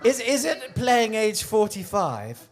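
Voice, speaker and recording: A British man hosting a live cabaret club night, his voice bouncing lively up and down as he teases the performers. His banter is camp and quick-witted. The room adds a little live echo. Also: sits high, over music. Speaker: host. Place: club stage with live band.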